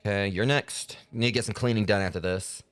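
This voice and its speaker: A man's voice: fairly low pitch, a little fast, a bit bright, faint music behind. A man streaming himself playing a game, chatting casually and rambling, with lots of fillers. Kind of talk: gameplay commentary.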